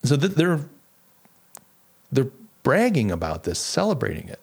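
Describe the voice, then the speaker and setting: A man's voice: medium pitch, huge pitch swings, unhurried, vocal fry, slightly rough. A man hosting a political talk show, reading quotes from an article aloud with sarcasm and plenty of restarts. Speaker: podcast host.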